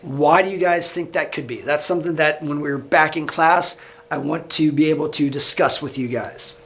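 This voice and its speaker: A high-voiced man with a Midwestern American accent talks a class through his slides. His delivery is loose and casual, with plenty of fillers and restarts, like a high school teacher recording a lecture. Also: moderate pace, fairly bright tone, a little hiss or hum.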